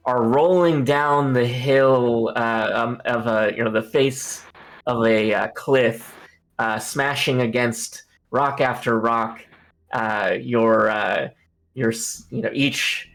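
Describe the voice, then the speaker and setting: A man narrating as game master of a tabletop game, halting with many fillers. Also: medium pitch, a bit bright. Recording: live stream mic.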